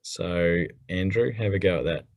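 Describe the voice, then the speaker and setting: Easygoing Australian male co-host, low-pitched and teasing, dry close mic. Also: moderate pace, dry recording. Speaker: podcast co-host. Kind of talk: casual chat.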